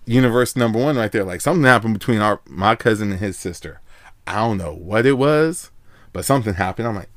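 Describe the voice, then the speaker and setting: A man's voice: lowish voice, a little fast, no echo, studio quality. A man telling a long personal story in casual chat, rambling and laid-back, full of filler words.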